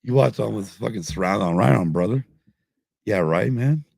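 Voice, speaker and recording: A man's voice: fairly low pitch, lively intonation, moderate pace, vocal fry, a little mellow, husky, no room sound, clean studio sound. A middle-aged man hosting a podcast live stream, rambling and swearing constantly while drinking. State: drinking, tipsy. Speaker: podcast host. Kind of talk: casual live-stream chat.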